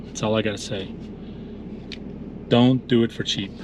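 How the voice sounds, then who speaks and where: In a noisy yard setting, a man with a fairly low, steady voice talks unhurriedly to his lawn care vlog audience. He tells stories in a chatty, casual way and calls the viewers ninjas.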